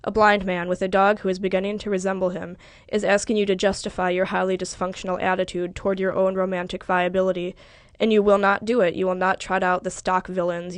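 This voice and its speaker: A woman narrating a literary audiobook in the second person with a measured, wry, precise delivery. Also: on the low side, smooth, dry recording.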